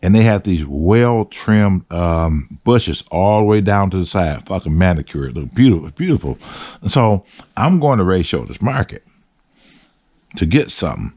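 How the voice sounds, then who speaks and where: A low-voiced man tells a story from his past, swearing freely and slipping into street slang. His voice swings up and down as he talks, and the recording sounds close and dry. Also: normal speed, no echo. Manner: animated, heavy profanity, street slang. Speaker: host. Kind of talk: storytelling monologue.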